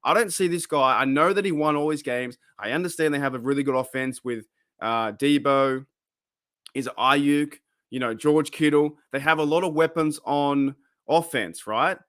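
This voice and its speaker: A man hosting a fan livestream. He chats casually, rambles and gets excitable, greeting viewers by name. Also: fairly high pitch, normal speed, no echo, clean studio sound. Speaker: host of a fan podcast livestream.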